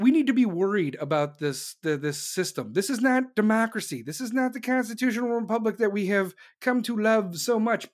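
Stream host from the States, profane and sarcastic, ranting hard. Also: medium pitch. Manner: blunt, sarcastic, heavy swearing. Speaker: online show host. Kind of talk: profane political rant to viewers.

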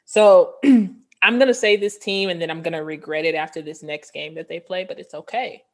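A woman's voice: deep voice, brisk. A woman co-hosting a podcast, talking sports in a casual, slangy and playful way. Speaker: podcast co-host.

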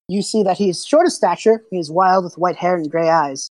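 A woman game master narrating a tabletop game, describing scenes and often clearing her throat. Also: fairly low pitch, moderate pace, a little mellow, no echo.

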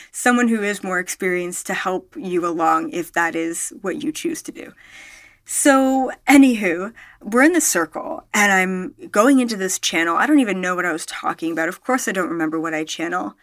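Speaking at medium pitch in studio-quality sound with no echo, a woman who vlogs as a spiritual storyteller shares a personal story casually to camera. She's rambling and emphatic, peppering her talk with fillers, self-corrections, the odd swear word, and growing animated when excited.

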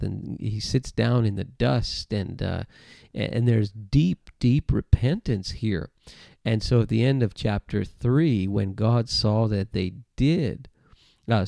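Guy preaching to camera, low warm gravelly voice, chatty and repeats himself. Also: dry recording, studio quality. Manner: conversational, repeats words and restarts. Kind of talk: sermon-style Bible teaching to camera. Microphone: camera mic, close.

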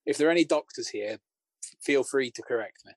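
A man's voice: mid-range voice, fairly quick, no echo. Male co-host, wry and picky, dry room, mid voice. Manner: wry, nitpicking. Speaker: podcast co-host. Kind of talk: casual film discussion.

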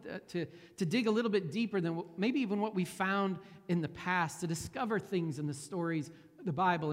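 A pastor in his forties preaching a sermon and leading a prayer in a conversational way, often repeating words and restarting phrases. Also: high-pitched. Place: church sanctuary. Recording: long hall reverb.

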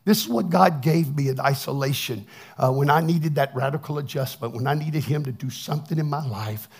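A man's voice: on the high side, a little fast, vocal fry, slightly rough. A man preaching a plainspoken, folksy testimony sermon, often repeating words as he restarts. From Texas. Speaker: pastor.

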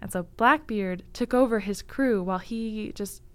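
A woman's voice: mid-range voice, normal speed, a bit bright, smooth. A young woman casually telling a history story on a library podcast, laughing often and saying like and um a lot. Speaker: library staff guest presenting book picks.

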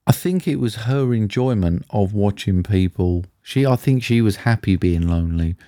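A man's voice: lowish voice, moderate pace, dark tone, no room sound. A man co-hosting a casual film review podcast, matter-of-fact and dry in manner. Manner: dry, matter-of-fact, says "mate" often. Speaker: podcast co-host.

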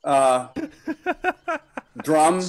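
A man posing trivia questions in a plain, steady way during a casual podcast chat. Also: a little high, extremely slow, noisy background. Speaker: trivia quizmaster.

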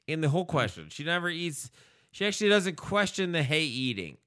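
Animated riffing male podcast host. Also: fairly high pitch, a little fast, dry recording, clean studio sound. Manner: riffing, acts out silly voices, swears, laughs often. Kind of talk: casual comedic advice chat.

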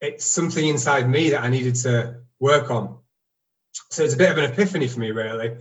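A man's voice: mid-range voice, a little fast, far from the mic, rough recording. A man in his forties tells his own story in a casual, reflective way. He is candid and self-deprecating, and he stops and restarts as he talks. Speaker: guest telling his story.

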